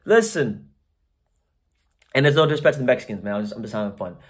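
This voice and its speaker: A man talking boxing straight to his viewers in a loose, opinionated way. His voice sits at an ordinary middle pitch, and he talks in blunt slang. He often stumbles, repeats words and restarts his sentences. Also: lively intonation, fast talker, husky. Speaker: boxing commentary channel host. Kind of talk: casual boxing commentary to camera.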